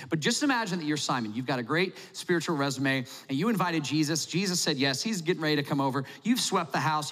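A man's voice: on the high side, fairly bright tone. Conversational male preacher in a hall. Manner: conversational, humorous storytelling. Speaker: pastor. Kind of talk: sermon. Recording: long hall reverb.

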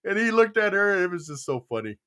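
Bright-voiced joking male podcast host. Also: big pitch swings, fast. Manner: jokey, teasing, with high-pitched exclaims. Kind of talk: casual podcast chat.

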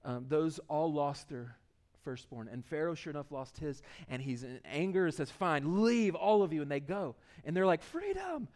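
A man's voice: fairly high pitch, moderate pace, a little mellow. A male pastor giving an informal, conversational sermon and often repeating words as he starts his sentences.

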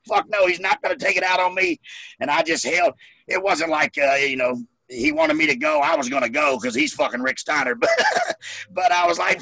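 A former wrestler guest telling profane backstage stories with animated energy. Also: male voice, on the high side, brisk, creaky, no room sound. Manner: animated, swearing, laughing through the story. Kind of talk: profane storytelling.

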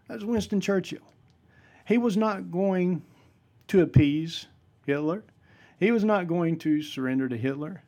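A man's voice: sits high, unhurried, long pauses, mellow. A man preaching a sermon-style talk, emphatic and repeating key phrases for force.

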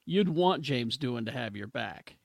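A man's voice: mid-range voice, expressive, moderate pace, vocal fry, slight background noise. A man co-hosting a casual podcast chat, dropping wry jokes. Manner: wry, joking asides. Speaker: podcast co-host.

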